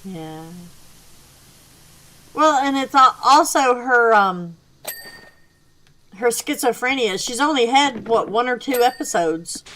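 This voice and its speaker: A woman's voice: a little high, animated, takes it slowly, long pauses, fairly bright tone, poor audio. A woman hosting a gaming channel, rambling through a casual story while she plays and laughing often. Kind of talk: casual chat while playing.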